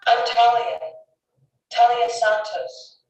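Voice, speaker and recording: A woman playing a young woman in a scripted course dialogue, speaking clearly and evenly. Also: a little high, flat delivery, takes it slowly, a little mellow. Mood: plain. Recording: distant, echoey, dull lo-fi playback.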